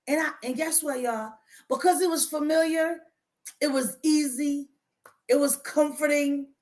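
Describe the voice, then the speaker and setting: A woman life coach speaking on a livestream to her viewers, animated and preachy. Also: sits high, measured pace. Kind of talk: livestream motivational talk.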